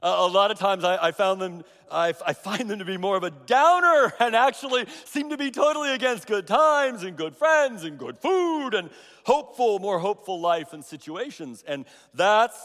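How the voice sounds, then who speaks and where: A middle-aged man preaches in a high voice, circling back and repeating phrases for emphasis as he tells a story. His voice rings out through the long reverb of a large hall. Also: expressive, normal speed, a bit bright. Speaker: pastor. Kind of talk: sermon.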